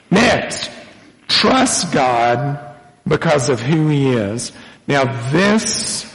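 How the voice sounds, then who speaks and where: A man's voice: a little high, gravelly. A man preaching a sermon to his congregation in a church, with folksy joking asides. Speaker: pastor. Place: church sanctuary. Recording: long hall reverb.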